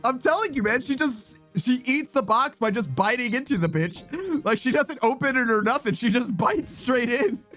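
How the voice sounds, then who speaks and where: A man's voice: very high-pitched, animated, normal speed, a bit bright, faint music behind. A man streaming, chatting casually with his viewers, reading chat aloud and teasing them with slangy, swearing banter. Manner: laughs often, teasing, reads chat messages aloud.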